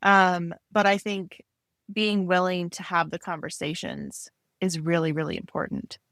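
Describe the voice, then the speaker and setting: A woman co-hosting a podcast about art, talking in a relaxed, reflective way with frequent fillers. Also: on the low side, a little slow, dry recording. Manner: warm, reflective, lots of fillers and laughs. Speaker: podcast co-host. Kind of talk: casual chat.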